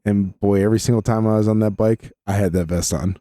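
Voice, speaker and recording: A mellow, warm-toned man, trading profane, teasing banter in a casual podcast chat. His voice sits dry and close to the mic. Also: fairly low pitch, fairly even intonation, quick pace, no room sound. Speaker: podcast co-host.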